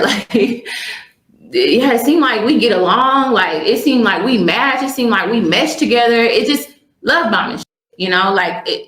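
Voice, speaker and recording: A woman's voice: medium pitch, lively intonation, normal speed, a bit bright. A young woman telling a personal story as an interview guest, rambling and candid. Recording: roomy echoey recording.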